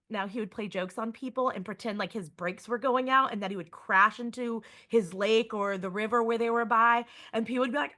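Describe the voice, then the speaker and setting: A woman museum educator giving a lively online lesson to students, chatty and checking in with listeners often. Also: fairly high pitch, fairly quick, hardly any pauses.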